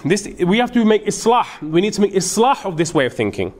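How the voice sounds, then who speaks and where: A man's voice: sits high, very animated, fairly quick, darkish tone. A man giving an earnest, emphatic sermon-style lecture as a madrasa teacher, mixing in Urdu and Arabic phrases. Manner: earnest, emphatic, switches between English and Urdu with Arabic quotations.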